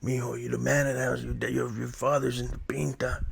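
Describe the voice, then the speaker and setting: A man voicing an older uncle figure, a street veteran who talks slow and very low, as if he doesn't want anyone else to hear. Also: fairly even intonation, sharp tone. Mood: hushed, stern. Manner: speaks slow and real low.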